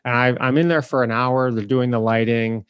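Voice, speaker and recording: A man from the Detroit area hosting a podcast and telling a lively story, acting out the people in it. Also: mid-range voice, moderate pace, clean tone, no room sound. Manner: animated, acts out the people in his story. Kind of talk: casual storytelling.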